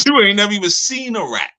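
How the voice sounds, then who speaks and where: A man with a bright, fairly high voice gives a loose, colloquial talk. He tells stories at length and laughs often as he goes. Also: sing-song, fairly quick, rough recording. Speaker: community leader speaking to members. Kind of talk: casual storytelling talk.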